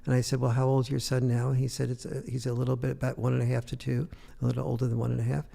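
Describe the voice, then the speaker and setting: Gravelly older man telling a story. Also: medium pitch, completely flat delivery, very fast, mellow, big-room sound. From United States. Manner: rambling anecdotal storytelling with many fillers. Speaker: guest author. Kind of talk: storytelling in an interview.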